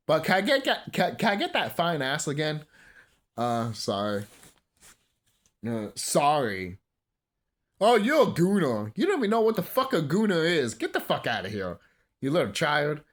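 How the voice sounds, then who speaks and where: Profane, lively man in his thirties. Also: fairly high pitch, normal speed, pauses often. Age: 30s. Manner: profane, rambling, bursts of laughter. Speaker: movie commentary vlogger. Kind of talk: casual rant.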